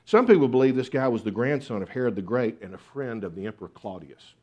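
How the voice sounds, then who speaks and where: A man's voice: medium pitch, animated, fast, highs cut off. A man preaching a sermon, earnest, with repeated rhetorical questions. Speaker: pastor.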